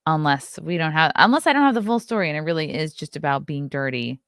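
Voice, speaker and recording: A woman's voice: low voice, expressive, fast talker, dry recording, clean studio sound. A woman from Long Island with a Long Island accent, hosting a casual morning show, reading headlines aloud and riffing on them bluntly and sarcastically. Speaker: host. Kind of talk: casual morning livestream chat.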